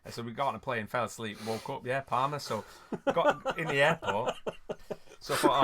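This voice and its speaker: A man's voice: mid-range voice, animated, moderate pace, fairly bright tone, slight background noise. Guy in his 30s, podcast chat, tells stories all over the place, swears, laughs. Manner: rambling, laughing, sweary anecdote telling. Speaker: podcast host. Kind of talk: casual storytelling chat.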